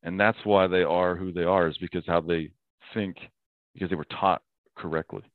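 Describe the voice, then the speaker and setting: A man's voice: sits low, fairly even intonation, normal speed, no room sound. A man as a podcast guest in casual talk, earnest, often quoting scripture and laughing easily. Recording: thin phone-like sound.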